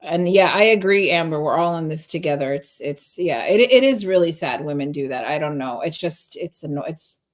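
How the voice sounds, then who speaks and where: A woman's voice: low voice, animated, moderate pace, few pauses. Woman co-host, casual chat, rambling, trails off and restarts. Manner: rambling, many restarts and fillers. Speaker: podcast co-host.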